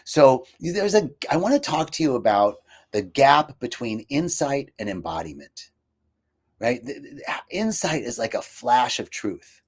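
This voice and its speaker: A man's voice: medium pitch, measured pace, slightly rough. Reflective man sharing personal stories. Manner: reflective, personal storytelling with frequent fillers and restarts; quotes himself and others in lively voices. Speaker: speaker for a healing retreat. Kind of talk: casual live talk.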